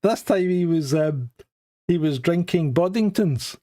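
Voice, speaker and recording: A man's voice: fairly high pitch, lively intonation, measured pace, warm tone. A man from Scotland co-hosting a live stream in a joking, chatty way, often restarting sentences. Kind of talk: casual chat.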